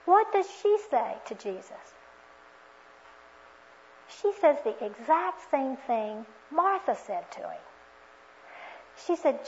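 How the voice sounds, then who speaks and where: A woman with a high voice preaches a sermon, earnest and reflective, often posing questions to her listeners. The recording is dull and lo-fi. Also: sing-song, takes it slowly, long pauses, darkish tone, a little hiss or hum.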